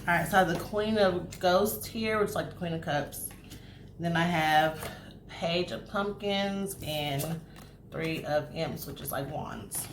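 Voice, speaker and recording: Woman, casual tarot reader; low-ish voice, chatty, swears, echoey room with faint hiss. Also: unhurried. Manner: chatty, animated, swears freely, acts out spirit messages. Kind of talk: casual tarot reading to camera.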